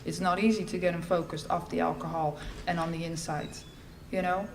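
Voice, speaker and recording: A middle-aged woman giving a personal testimony at a recovery fellowship event, telling her story in a lively way and acting out the lines she quotes. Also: lowish voice, brisk, slight background noise. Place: large event hall. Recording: echoey hall with faint ambience.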